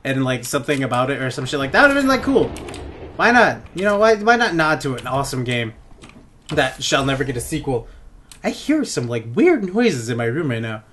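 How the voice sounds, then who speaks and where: A young man giving crude, goofy gameplay commentary on a headset in his bedroom, often laughing and yelling out suddenly. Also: mid-range voice, very animated, brisk, slight background noise. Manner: goofy, giggly, crude jokes, sudden loud outbursts. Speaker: gaming let's play host.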